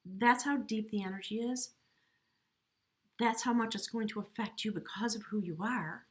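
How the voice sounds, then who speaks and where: A woman giving an earnest, emotional tarot reading at home, talking slowly and reflectively, at times choked up. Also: medium pitch. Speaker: tarot reader. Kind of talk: spiritual tarot reading to camera. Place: home, near a window.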